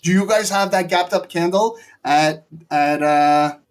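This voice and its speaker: Excitable man calling trades live. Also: sits high, a little slow. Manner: excitable, profane, jokey play-by-play. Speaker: live trading stream host. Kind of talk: live market commentary.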